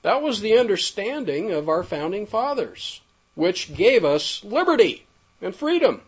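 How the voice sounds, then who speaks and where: A man reading a prepared text aloud in a formal, measured way with ornate wording. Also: high voice, sing-song, husky. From United States.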